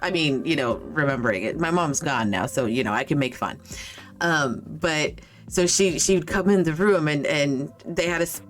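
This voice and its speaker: Profane low-voiced woman streamer chatting. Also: moderate pace, faint music behind. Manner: rambling, swears freely, chats with viewers. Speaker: game streamer. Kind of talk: casual chat while streaming.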